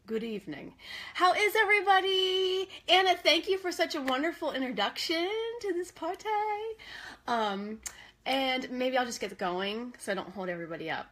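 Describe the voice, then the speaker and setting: Woman vlogger, 30s, goofy and excitable, slightly high, bright voice, live casual chat. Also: normal speed. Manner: excitable and goofy, greets viewers by name, self-deprecating. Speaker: homeschool vlogger hosting a live video.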